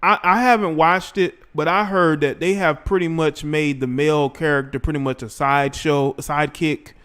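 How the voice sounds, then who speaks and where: Slangy man hosting a livestream, fairly high. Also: steady tone, normal speed, a bit bright, clear, resonant tone. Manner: rambling, slangy, talks straight to the chat. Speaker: livestream host. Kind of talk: casual livestream commentary.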